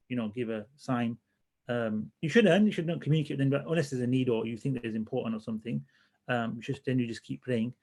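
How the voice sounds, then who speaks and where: A man teaching a religious class in a relaxed, conversational way, often restarting his sentences as he thinks aloud. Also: mid-range voice, gravelly. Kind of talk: casual classroom lesson.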